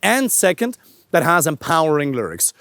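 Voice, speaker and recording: An energetic male coach talks to camera outdoors, his slightly high voice swinging up and down with lively emphasis. The sound is close and dry, with hardly any room around it. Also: moderate pace, no echo. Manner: energetic, animated coaching delivery. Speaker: dating and voice coach. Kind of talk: instructional talk to camera. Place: outdoors in a park.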